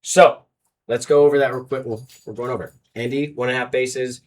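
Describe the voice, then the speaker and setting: A man hosting his own show, casually talking through sports betting picks, rambling and correcting himself, with sudden loud outbursts between mumbles. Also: mid-range voice, steady tone, brisk, a little hiss or hum.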